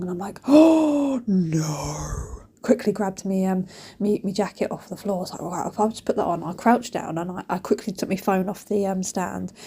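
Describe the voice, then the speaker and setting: A woman telling stories in a chatty, animated way, recording a voice-over in her kitchen. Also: mid-range voice. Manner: chatty, animated, laughing storyteller. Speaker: vlogger. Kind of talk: casual storytelling voice-over.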